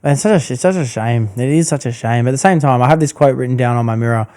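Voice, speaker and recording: Male podcast host, mellow low-key tone, earnest and reflective. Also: fast talker, clear, resonant tone. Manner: earnest, laid-back, reflective. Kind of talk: casual reflective chat.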